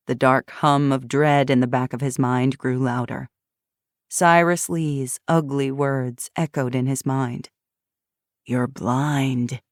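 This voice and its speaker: Woman narrator, audiobook, low voice, dry close studio sound, steady reading. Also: no echo. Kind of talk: scripted narration.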